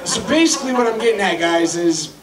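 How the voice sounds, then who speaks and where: High-voiced man doing crude stand-up. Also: fast, far from the mic. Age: 30s. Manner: crude, deadpan joke delivery. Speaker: comedy host. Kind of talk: stand-up comedy. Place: crowded club, roomy. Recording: echoey room, mic from afar, loud crowd.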